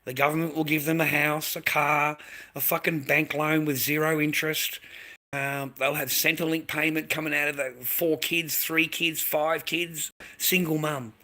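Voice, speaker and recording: A man's voice: on the high side, little pitch movement, normal speed, sharp tone. An Australian man ranting on a live stream, aggressive and profane, repeating himself and snapping back at viewers in chat. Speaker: livestreamer. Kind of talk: angry live-stream rant.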